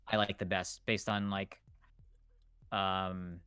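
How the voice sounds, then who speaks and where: A man coding on a livestream, chatting casually and thinking aloud, quick to laugh. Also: sits low, little pitch movement, sharp tone, smooth, no room sound, clean studio sound. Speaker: co-host writing the code on a livestream. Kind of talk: casual chat while coding.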